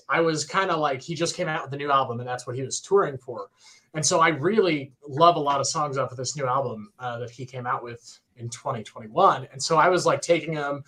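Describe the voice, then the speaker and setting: A young man telling a story in a casual, excited way on a podcast livestream, full of fillers and acted-out quotes. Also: mid-range voice. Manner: excited, animated retelling with many fillers. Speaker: podcast co-host.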